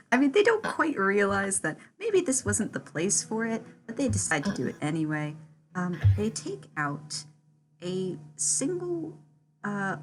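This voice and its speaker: A woman playing in a tabletop role-play game, narrating her character's actions in a giggly, chatty way. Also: medium pitch. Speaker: player.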